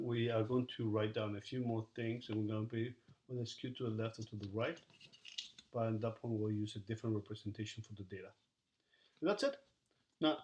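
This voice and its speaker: A man's voice: mid-range voice, darkish tone. A man teaching a recorded math lesson, talking to students as he works through problems and counts the numbers aloud.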